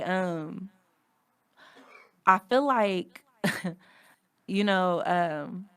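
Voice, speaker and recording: A female podcast host with a lowish, slightly bright voice delivers a candid personal monologue in casual speech. She's frank and conversational while reading from notes.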